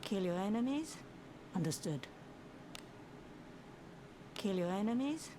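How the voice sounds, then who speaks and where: A woman's voice: mid-range voice, animated, takes it slowly. A woman voicing a stern, obedient female warrior unit in a game, with a clipped, accented delivery. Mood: clipped, dutiful. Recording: game audio with noise.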